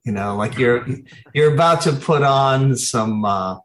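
A man's voice: medium pitch, unhurried. A man speaks as a guest commentator, his voice carrying the reverb of an echoey room. He argues in an emphatic, insistent manner, repeating phrases to drive his points home. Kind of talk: opinionated commentary.

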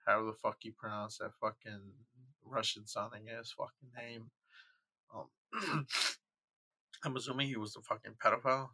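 A man hosts his own podcast, reading out news and then breaking into angry, foul-mouthed tirades. His voice is bright and forceful, and it sits in a very dry, close recording. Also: on the low side, no room sound. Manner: profane, ranting, heated. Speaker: podcast host. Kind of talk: angry commentary.

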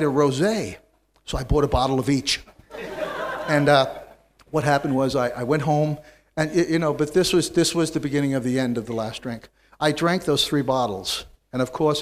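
A man telling his own story to a room of listeners, dry and wry in his humor. His voice moves between loud bursts and quiet, low stretches, with a middling pitch. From United States. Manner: animated, wry storyteller, swings from loud to hushed. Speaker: speaker sharing his recovery story. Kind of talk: storytelling talk to a live audience.

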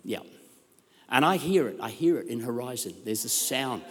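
An Australian man preaching a sermon as pastor, with energetic, exclamatory delivery and repeated calls to the congregation. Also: medium pitch, normal speed. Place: large church hall. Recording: long hall reverb.

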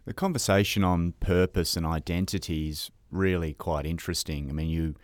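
A man's voice: sits low, moderate pace, dry recording, clean studio sound. A man hosting a podcast, asking long, thoughtful framing questions. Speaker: podcast host. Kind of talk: interview questions.

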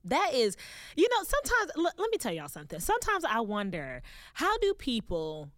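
An exuberant woman hosts her podcast from a recording booth. Her high, bright voice leaps all over the place as she gushes playfully, and the sound is close and dry. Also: huge pitch swings, normal speed, no room sound. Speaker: podcast host. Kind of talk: casual podcast chat.

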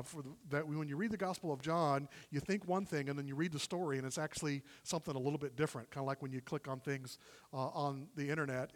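A male guest preacher gives a sermon in a conversational, animated way and acts out the quoted dialogue as he retells it. His voice sits a little higher than most men's. The sound trails off in the long reverb of a church hall. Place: church service in a warm room.

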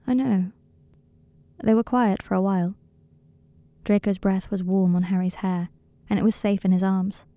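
A woman narrating a fan story as an audiobook, in a calm, steady way. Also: medium pitch, moderate pace, dry recording.

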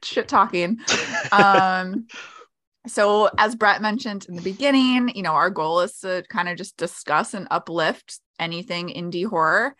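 A woman's voice: mid-range voice, measured pace, a bit bright, no room sound, studio quality. A woman co-hosting a casual podcast, chatty with frequent fillers. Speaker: podcast co-host.

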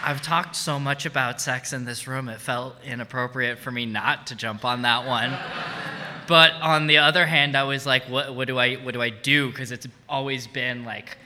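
A man's voice: mid-range voice, fairly even intonation, normal speed, background noise. A man starting a funny personal story on stage, wry and self-deprecating. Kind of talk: live comic storytelling. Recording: echoey hall.

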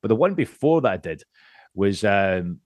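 A man's voice: on the low side, very animated, normal speed, darkish tone, no echo, studio quality. A Scottish man on a podcast as a guest, chatting casually, rambling, swearing freely and laughing often. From Scotland.

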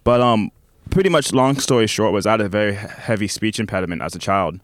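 A man's voice: on the low side, fast, no echo, clean studio sound. A man in his thirties with a British-sounding American accent and unusual R sounds, chatting loosely as an interview guest. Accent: American with British-sounding speech. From United States, grew up in Orlando. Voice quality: unusual R sounds from a childhood speech impediment. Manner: rambling, filler-heavy, laughs easily. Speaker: guest, band member. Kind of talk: casual interview chat.

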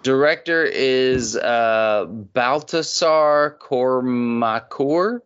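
A man hosting a casual movie podcast, reading out film facts slowly and swearing offhandedly. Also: medium pitch, fairly bright tone, smooth, lo-fi sound. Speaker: podcast host.

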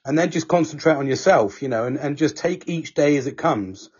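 A man's voice: on the high side, fairly quick, a little mellow, husky. A man hosting a podcast, talking casually and giving reassuring advice, calling people mate. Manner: reassuring, calls everyone mate. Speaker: podcast host. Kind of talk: casual chat. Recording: dull lo-fi audio.

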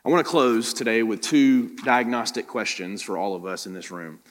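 Low-voiced pastor preaching in a reverberant hall. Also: male voice, expressive, normal speed. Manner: preaching with many direct questions to the listeners. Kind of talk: sermon. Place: church room.

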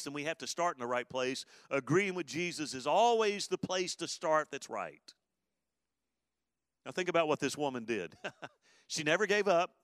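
A man preaching a sermon in an animated way, with sudden loud emphatic bursts. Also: on the high side, no room sound, clean studio sound. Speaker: pastor.

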